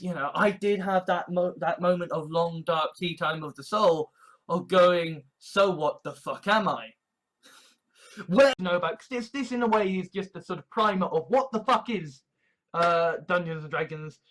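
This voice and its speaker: A woman's voice: fairly low pitch, normal speed. A woman talking in a casual, rambling monologue, swearing often and restarting her sentences. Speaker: online commentator.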